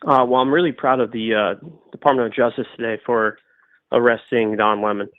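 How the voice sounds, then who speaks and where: A man in his late twenties calls in over a thin, phone-like line that sounds dry and close. He speaks at a middling pitch, argues steadily and pauses on "uh" now and then. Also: dry recording. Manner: steady, argumentative, some hesitant fillers. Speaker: caller. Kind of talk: phone-in debate.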